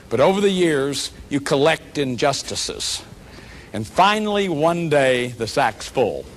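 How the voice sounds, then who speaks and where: A man's voice: fairly high pitch, a bit bright, a little hiss or hum. A man giving a workshop lecture to an audience, talking animatedly, acting out quoted voices and often restarting his sentences. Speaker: lecturer on shame and addiction.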